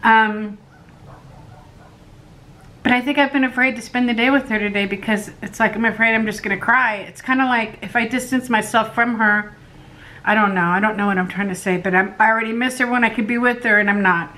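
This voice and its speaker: A woman's voice: on the high side, a little fast, sharp tone. A woman vlogger chatting casually to camera at home, self-deprecating and laughing often.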